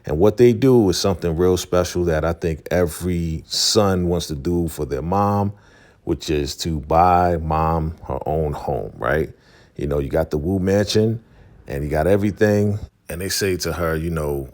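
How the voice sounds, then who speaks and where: A man with an extremely low, deep voice talks through a casual TV recap vlog. He is laid-back and chatty and calls his viewers family. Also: moderate pace, a little mellow. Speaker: host of a TV recap channel.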